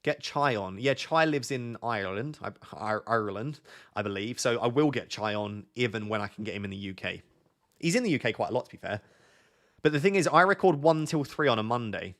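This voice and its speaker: A man's voice: medium pitch, animated, fast, a bit bright. Chatty man reading out chat questions. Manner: waffling, joking. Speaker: streamer. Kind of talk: casual live-stream chat.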